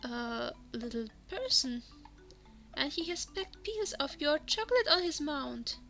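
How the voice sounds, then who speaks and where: High-voiced woman reading a text adventure. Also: sing-song, unhurried, pushed and bright. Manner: reads in second person, sometimes drops to a whisper. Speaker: game narrator. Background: background music.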